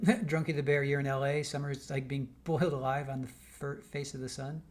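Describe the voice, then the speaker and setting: This older Midwestern man talks a little fast in a mid-range voice with little pitch movement. On his livestream, a casual chat while he waits on a trial, he reads viewer comments aloud and rambles in reply, repeatedly restarting sentences.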